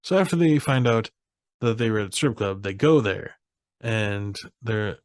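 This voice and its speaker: Roześmiany mężczyzna streszczający film, suchy dźwięk. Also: male voice, fairly low pitch, animated, moderate pace, a little mellow, dry recording, studio quality. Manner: laughing, acts out characters' lines. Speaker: podcast co-host. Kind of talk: casual movie recap chat.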